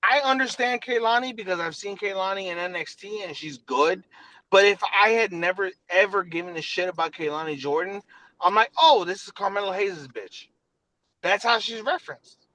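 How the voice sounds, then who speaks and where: A man with a New York accent co-hosting a podcast, talking in animated, profane casual chat and cutting across the others. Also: high-pitched, a little fast, rough recording. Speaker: podcast co-host.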